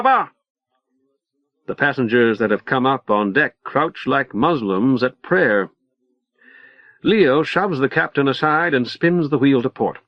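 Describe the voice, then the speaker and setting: A man narrating a literary short story in the first person, measured and dry. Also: medium pitch, no room sound. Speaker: audiobook narrator. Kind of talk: literary audiobook reading. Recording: dull lo-fi cassette recording.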